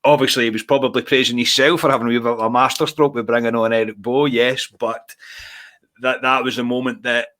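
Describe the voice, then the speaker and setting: A young Scottish man hosting a casual podcast chat, earnest and steady, calling his co-hosts "mate". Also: mid-range voice, brisk. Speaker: podcast host.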